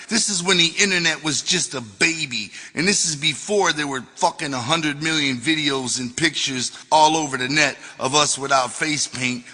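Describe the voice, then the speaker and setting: A man reads his own memoir aloud in a profane, wisecracking storytelling voice. His tone is bright and forceful and sits a little high. A long reverb trails after him. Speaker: author reading his memoir. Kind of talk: audiobook narration of memoir.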